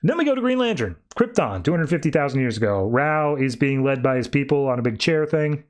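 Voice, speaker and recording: A man on a podcast recapping a comic, talking casually and acting out the characters in quick, animated quoted voices. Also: medium pitch.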